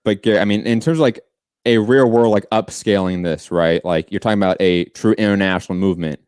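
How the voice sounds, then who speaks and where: A man's voice: on the low side, brisk, a little mellow, clear, resonant tone, no room sound, studio quality. A man co-hosting a political podcast debate, pressing his opponent with long probing questions. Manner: probing, pushes back with questions. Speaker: podcast co-host.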